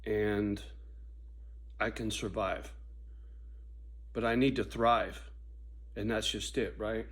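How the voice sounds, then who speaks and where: A man in a profane casual monologue, swinging from a loud, preachy rant to low muttering. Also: steady tone, takes it slowly, long pauses, husky. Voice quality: swears constantly, preachy and intense. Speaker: vlogger.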